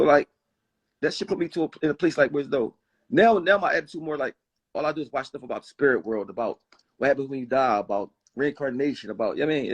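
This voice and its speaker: Fast-talking gravelly high-voiced man in his forties. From Philadelphia. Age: 40s. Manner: rambling, emphatic, frequent restarts and "you know what I mean". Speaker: guest rapper. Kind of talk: candid personal storytelling.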